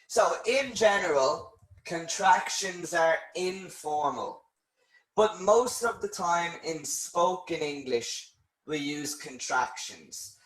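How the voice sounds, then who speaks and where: A man teaching an online English lesson, explaining slowly and clearly and checking in with "okay". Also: a little high, fairly bright tone, reverberant, rough recording.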